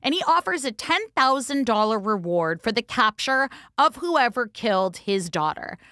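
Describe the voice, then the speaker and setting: A woman co-hosting a true-crime podcast, retelling the case in a jokey, animated way. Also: on the high side, moderate pace, no echo, studio quality. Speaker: podcast co-host. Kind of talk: casual true-crime chat.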